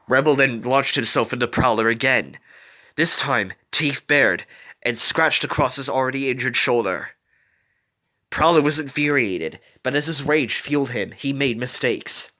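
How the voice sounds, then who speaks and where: A man's voice: mid-range voice, unhurried, pushed and bright. A man reading a fan story aloud, telling it dramatically with small slips. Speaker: reader.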